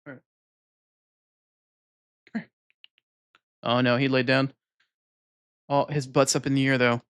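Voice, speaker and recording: A man streaming a video game, chatting casually into a desk microphone and cooing softly to his cat. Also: mid-range voice, little pitch movement, a little slow, clear, resonant tone. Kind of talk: casual live-stream chat.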